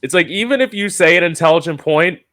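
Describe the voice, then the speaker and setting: A man's voice: high voice, fast talker. A man hosting a casual podcast, telling frank stories and acting out quoted lines. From United States. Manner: animated storyteller, acts out quotes, frank. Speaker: podcast host. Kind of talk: casual chat.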